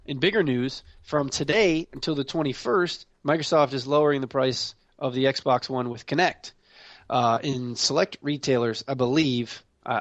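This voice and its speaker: A man hosting a casual gaming podcast, reading news in a relaxed way with many fillers. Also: medium pitch, no room sound. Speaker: podcast host.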